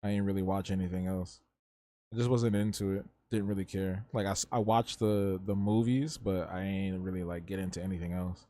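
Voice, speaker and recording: A man's voice: low-pitched, level tone, a little fast, warm tone, no echo. A young man hosting a live drawing stream, chatting loosely in slang and answering his chat. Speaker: livestreaming artist.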